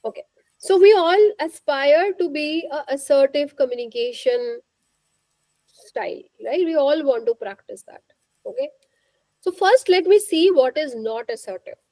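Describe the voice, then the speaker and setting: A woman's voice: high-pitched, mellow, no echo, poor audio. A woman leading a faculty training workshop, questioning and coaching her audience. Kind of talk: interactive faculty workshop talk.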